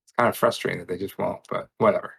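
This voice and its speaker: Deep-voiced blunt man co-hosting. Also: steady tone, racing, gravelly, noisy background. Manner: blunt, dry, swearing. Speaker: stream co-host. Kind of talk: casual reaction commentary.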